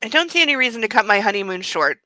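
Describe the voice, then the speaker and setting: Possessive rich young husband, low and hushed, a woman reading him out, dry close mic. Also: expressive, very fast, no echo, poor audio. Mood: dismissive. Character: controlling wealthy young husband, smooth and possessive.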